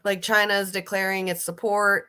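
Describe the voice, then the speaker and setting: A woman's voice: mid-range voice, level tone, moderate pace, bright, forceful tone, smooth. A woman giving casual, blunt political commentary, emphatic and swearing freely, often restarting her sentences. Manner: restarts and fillers, riled up.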